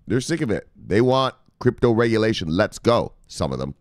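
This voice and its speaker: Low-voiced, lively, profane male crypto host. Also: dry recording, clean studio sound. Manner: animated, swearing, laughing, drawn-out asides. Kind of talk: casual profane news commentary.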